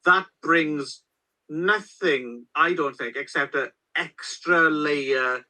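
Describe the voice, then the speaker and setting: A man co-hosting a film podcast, talking in animated runs full of "like" and "right?". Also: a little high, slow, low-quality recording. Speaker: podcast co-host. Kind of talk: casual chat.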